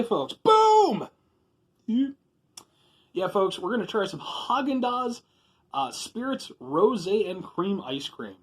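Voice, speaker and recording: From a room at home, a man with a medium-pitched voice hosts a casual food review vlog, rambling and poking fun at himself before erupting into sudden loud bursts of enthusiasm.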